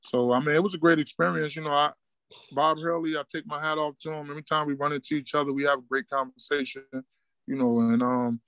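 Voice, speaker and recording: A middle-aged man from Newark, a basketball coach telling stories in a relaxed street style and acting out what people said. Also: on the high side, fast talker, dry recording. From Newark, New Jersey. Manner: laid-back street talk, acts out quoted dialogue. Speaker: high school basketball coach, guest. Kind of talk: casual storytelling interview.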